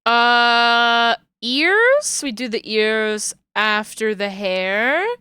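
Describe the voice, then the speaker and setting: A woman's voice: a little high, animated, drawn-out words, sharp tone, smooth, no room sound. A woman streaming live, chatting casually and playfully with her viewers and giggling while she works. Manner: playful and giggly, talks to chat while working.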